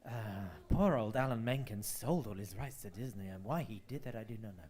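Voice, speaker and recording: A man's voice: lowish voice, lively intonation, brisk, darkish tone. A man hosting a live stage showcase, chatty, gushing and jokey. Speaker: host. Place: club stage, live show.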